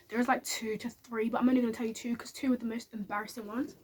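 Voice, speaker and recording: A woman's voice: a little high, steady tone, fast, hardly any pauses, slight background noise. A woman telling a candid personal story to camera in a chatty, casual way. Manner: chatty and candid, with many fillers. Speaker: vlogger.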